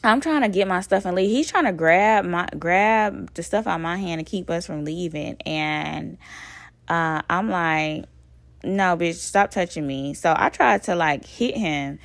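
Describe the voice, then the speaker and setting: A woman tells a personal story in a low, gravelly voice with plenty of vocal fry. She is animated and profane and keeps turning to her listeners with "y'all." The sound is dry and close, with no room echo. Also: measured pace. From Alabama. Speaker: vlogger.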